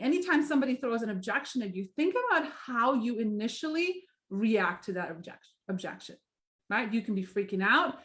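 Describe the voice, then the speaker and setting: Upbeat and chatty, a middle-aged direct sales team leader runs a live training session for her team, sounding encouraging. Her voice is a little high and a bit bright. She often asks "right?" to check in and acts out little examples as she goes.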